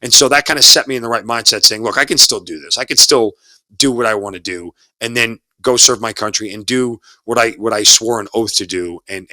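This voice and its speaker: A man's voice: fairly low pitch, bright, forceful tone, no room sound. A man in his forties, an army officer and broadcaster, telling his story in an interview in an earnest, talkative way, often repeating words as he searches for them. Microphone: studio mic.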